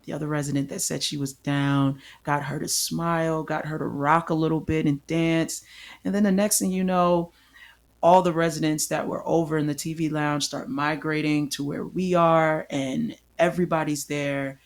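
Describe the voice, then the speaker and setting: A man's voice: fairly high pitch, steady tone, normal speed, vocal fry. A man hosting a solo podcast, telling a personal story in an earnest way and repeating phrases for emphasis. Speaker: podcast host.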